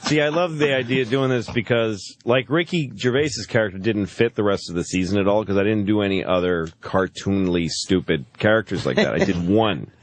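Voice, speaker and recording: A man's voice: lowish voice, brisk, hardly any pauses, slight background noise. A middle-aged man, a comedian, telling profane stories on a casual radio talk show and laughing often.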